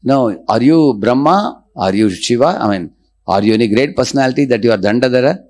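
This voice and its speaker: A man voicing an indignant goddess who scolds and curses, raising his pitch for her. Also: lively intonation, fairly quick, darkish tone, lightly acted. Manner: scolding, cursing. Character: indignant goddess, proud and stern woman.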